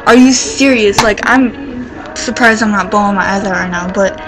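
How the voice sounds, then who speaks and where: In a casual vlog with a rough recording, a woman with a mid-range voice tells a story in a rambling, excitable way. She fills her pauses with "like" and swears casually as she gets worked up.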